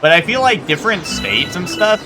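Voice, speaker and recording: A man's voice: sits high, big pitch swings, a little fast. A young man from New Jersey chatting casually while streaming a video game, rambling with lots of fillers and restarts. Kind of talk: casual live-stream chat over gameplay. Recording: game music behind voice.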